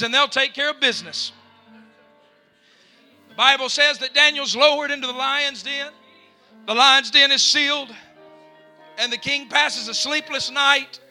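A male pastor preaching a fervent sermon in a church, rising to shouts at the peaks. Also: very high-pitched. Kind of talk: pentecostal-style sermon. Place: church sanctuary.

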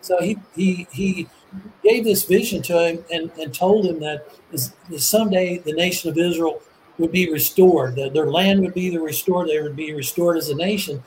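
Earnest, high-voiced man teaching. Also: normal speed, darkish tone, a little hiss or hum, low-quality recording. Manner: earnest, enthusiastic, restarts and repeats words. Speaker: Bible teacher. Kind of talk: casual religious discussion.

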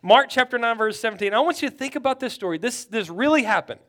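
A male pastor preaching a sermon. He swings from loud urgency to hushed storytelling, often repeating words as he builds. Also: extremely high pitch, expressive, fast talker.

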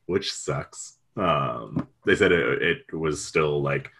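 Deep husky man telling a story. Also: expressive, slow pace, fairly bright tone. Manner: rambling and jokey, with lots of "like" and laughs. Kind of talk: casual storytelling chat.

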